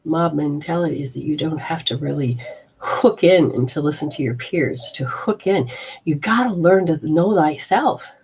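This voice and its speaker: Woman, healing-show host, husky voice, emphatic folksy teacher. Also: low-pitched, normal speed, darkish tone. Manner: emphatic, talks straight to the viewer with rhetorical questions; folksy, exclamatory asides. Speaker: host and energy healer. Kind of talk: instructional health show.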